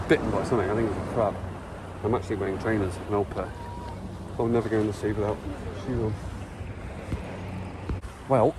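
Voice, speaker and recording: A man vlogging casually outdoors at the beach, chatting in a relaxed way and swearing freely as he talks to a handheld phone. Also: fairly low pitch, noisy background. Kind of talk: casual vlog narration.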